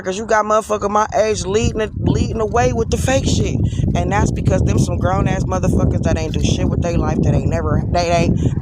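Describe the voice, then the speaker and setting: High-voiced man ranting outdoors. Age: 40s. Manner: blunt, profane, heated. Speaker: vlogger. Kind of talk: casual ranting monologue. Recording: outdoor street and traffic noise.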